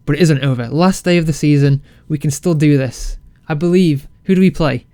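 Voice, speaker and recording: A man casually commentating his football management game, excitable and self-mocking. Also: a little high, normal speed, no echo. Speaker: game let's-play creator.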